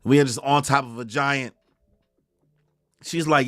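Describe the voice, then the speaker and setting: A man hosting a live manga reaction who talks in a casual, slangy, excitable way. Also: medium pitch, a little slow, long pauses, no echo. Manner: slangy, excitable, goes off on tangents.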